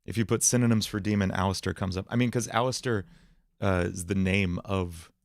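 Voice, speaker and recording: A man's voice: low-pitched, steady tone, brisk, creaky, no echo. A man hosting a casual livestream, thinking aloud as he tries out words for a song. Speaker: livestream host writing songs.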